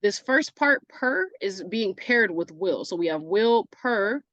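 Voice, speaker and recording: A woman's voice: mid-range voice, sing-song, unhurried, bright, forceful tone, no room sound, dull audio. A woman teacher giving a recorded online English lesson, casual and self-correcting, often asking "right?" as she goes.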